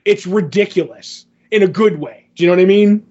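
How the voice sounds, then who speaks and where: A man in a casual podcast chat, retelling comic stories with animated energy and acting out the quotes. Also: high voice, fairly quick. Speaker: podcast co-host. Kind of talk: casual comic book discussion. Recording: dull lo-fi sound.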